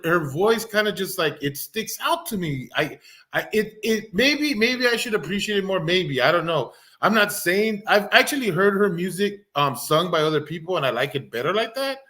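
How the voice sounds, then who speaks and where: A man from the US West Coast, hosting a livestream and chatting casually, stammering through halting restarts. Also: high-pitched, pushed and bright. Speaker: livestream host. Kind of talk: casual stream chat.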